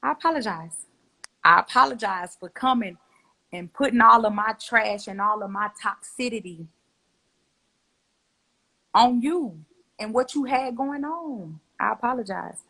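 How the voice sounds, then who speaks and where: A woman's voice: fairly high pitch, unhurried, gravelly, long pauses, pushed and bright, breathy edge, rough recording. A young adult woman giving a heartfelt spoken apology, earnest and emotional, repeating herself. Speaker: guest.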